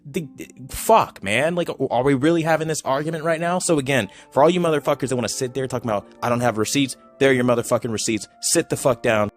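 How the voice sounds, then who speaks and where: A man in an angry video rant, heated and profane. His pitch sits in an ordinary middle range, and he circles back to the same points again and again. Faint music plays underneath. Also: fast. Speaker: YouTuber.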